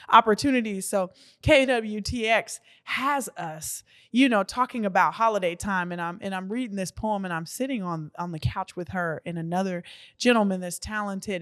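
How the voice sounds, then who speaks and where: A lower-pitched woman from Texas in her thirties, speaking as a guest in a casual interview. She talks earnestly in long, flowing stretches, with a devout tone in her words. The sound is dry and close. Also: no echo. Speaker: author and guest.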